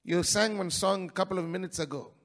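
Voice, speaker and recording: In a church, a male pastor from India preaches a sermon with a high voice. He bursts into sudden loud rises, then drops into quick, quieter asides.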